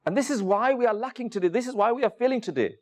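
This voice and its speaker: A man's voice: very high-pitched, animated, rapid-fire. A man preaching a sermon to a room of listeners, telling stories and asking many rhetorical questions, with frequent "you know" fillers. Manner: storytelling, addresses the audience directly with many rhetorical questions. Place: room with a seated audience.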